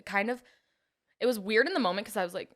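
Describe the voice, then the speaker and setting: A woman's voice: mid-range voice, quick pace, fairly bright tone. A young woman telling stories about her life in casual chat, acting out quotes and often laughing. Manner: chatty storytelling, acts out quotes, laughs often. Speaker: podcast guest.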